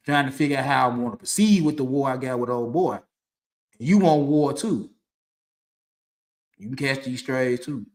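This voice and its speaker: A man's voice: medium pitch, moderate pace, pauses often, a little mellow. A man hosting a talk stream, telling a personal story in a loose, rambling way with restarts, from a dim room. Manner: loose, conversational, with frequent restarts and laughs. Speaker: podcast host. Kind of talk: casual storytelling to camera. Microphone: streaming setup mic.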